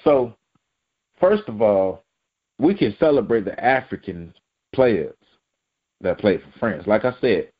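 A man's voice: lowish voice, animated, unhurried, pauses often, slightly rough, muffled recording. A man reading a news article aloud and breaking in with blunt, profane asides as a vlog commentator. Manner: blunt, profane, emphatic asides between read-out passages. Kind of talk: reacting to a news article on camera.

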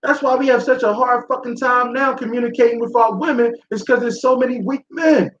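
A man's voice: very high voice, fairly quick, a bit bright, a little hiss or hum. A man hosting a talk show, delivering a blunt, profane, preachy monologue to his listeners. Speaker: show host. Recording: echoey room, dull sound.

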